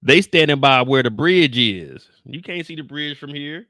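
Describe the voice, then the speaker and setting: Animated, exasperated man streaming to chat. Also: fairly high pitch, normal speed, dry recording, studio quality. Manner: animated, exasperated, swears freely, talks to chat. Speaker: show reaction streamer. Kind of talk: casual livestream chat with viewers.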